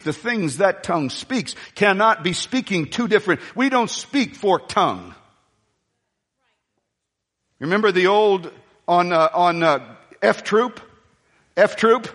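A high-pitched male pastor delivers a sermon, wandering into side stories before returning to call-and-response with the congregation. His voice carries a long reverb, as in a large church auditorium. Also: animated, unhurried, fairly bright tone. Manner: rambling, storytelling asides, call-and-response with the congregation.

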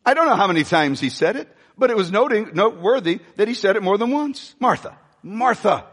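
A pastor preaching a sermon, animated and repeating his phrases, asking the congregation questions as he goes. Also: high voice, fast talker. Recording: reverberant church hall.

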